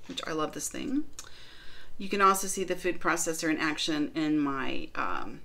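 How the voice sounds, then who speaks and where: Woman, middle-aged, northern US, lowish voice, chatty, rambling, baking video. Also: fairly bright tone. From northern United States. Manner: chatty, rambling, many fillers. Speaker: baking vlogger. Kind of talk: casual kitchen demo and review.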